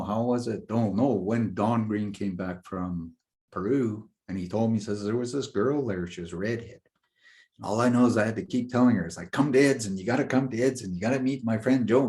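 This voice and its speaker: A middle-aged man, a guest in a casual interview, telling a personal story in an animated way and often laughing as he talks. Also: on the low side. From Indigenous North American community. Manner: animated storyteller who laughs through his tale.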